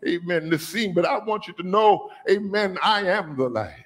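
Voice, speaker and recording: A man preaching a sermon as bishop, calling on the congregation to repeat after him and rising to shouts. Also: sits high, animated, moderate pace. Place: church sanctuary.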